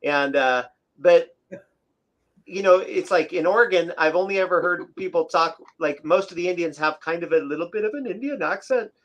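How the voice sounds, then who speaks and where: Chatty man with a higher voice. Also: moderate pace, fairly bright tone. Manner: chatty, storytelling, laughs easily. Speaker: podcast co-host. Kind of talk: casual chat.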